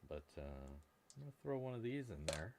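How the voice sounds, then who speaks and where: A man's voice: mid-range voice, very animated, fairly quick, gravelly, noisy background. A man hosting a casual live stream, joking and rambling to his viewers while he works at a workbench. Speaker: live-stream host prospecting for gold. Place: indoor workbench.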